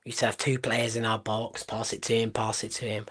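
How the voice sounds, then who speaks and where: A man from Portugal, doing live football watchalong commentary in a blunt, excitable way with quick exclamations and swearing. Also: fairly low pitch, breathy edge. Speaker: football streamer.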